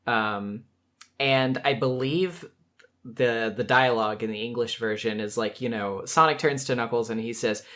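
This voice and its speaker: A man hosting a casual chat, talking animatedly, laughing often and jumping up in pitch to act out quoted lines. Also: moderate pace, bright, forceful tone. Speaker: podcast host.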